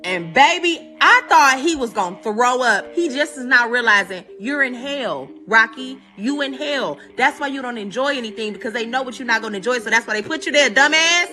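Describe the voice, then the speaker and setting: A woman's voice: fairly high pitch, fairly quick, hardly any pauses, soft background music. A woman host casually retelling a story, acting out the characters' lines with lots of energy. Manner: animated, acts out the characters' lines. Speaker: live stream host.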